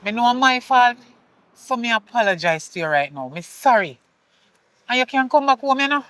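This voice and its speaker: A woman's voice: a little high, animated, normal speed, a bit bright, no echo. A woman with a Jamaican accent playing a strict, remorseful mother who pleads and apologizes in heavy Patois. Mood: pleading, remorseful. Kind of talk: film drama acting.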